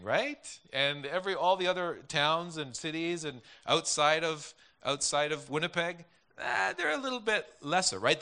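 Bright-voiced chatty preacher man. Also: on the high side. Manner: chatty, rambling, many restarts and asides. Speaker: pastor. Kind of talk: conversational sermon.

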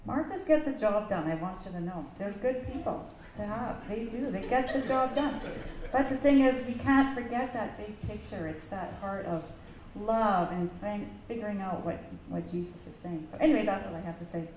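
A woman casually telling a lively story in a church, laughing often and acting out what people said. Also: mid-range voice, normal speed. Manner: animated, laughing often, acts out quotes. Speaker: church member sharing a story. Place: church hall. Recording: echoey hall with faint noise.

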